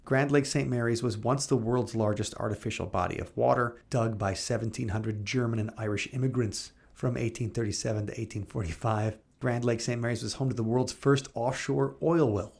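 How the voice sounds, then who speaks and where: A man co-hosting a podcast, reading old newspaper clippings aloud in a brisk, animated way and chatting loosely in between. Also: mid-range voice, gravelly, no room sound. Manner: reads quotes in a brisk, animated way, then chats loosely. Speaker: podcast co-host.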